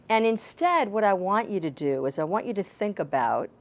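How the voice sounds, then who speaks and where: A woman's voice: medium pitch, lively intonation, moderate pace, few pauses. A woman life coach giving advice on a talk show, earnestly explaining her point with everyday examples.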